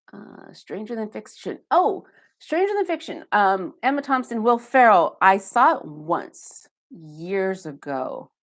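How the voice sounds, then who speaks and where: A woman with a fairly low voice and vocal fry hosts a casual live stream from her home basement. She chats loosely, reads and answers viewer comments one by one, and throws in self-deprecating asides.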